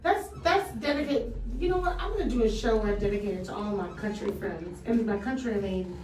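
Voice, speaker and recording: A woman's voice: medium pitch, expressive, brisk, darkish tone, reverberant, far from the mic, rough recording. A woman hosting a radio show, chatting loosely and joking, swearing now and then. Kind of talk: casual on-air chat. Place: radio studio.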